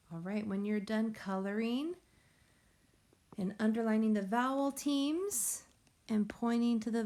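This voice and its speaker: A woman teacher giving a recorded phonics lesson to young children, explaining slowly and patiently in a sing-song way. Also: mid-range voice, creaky, a little mellow. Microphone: tablet or device mic.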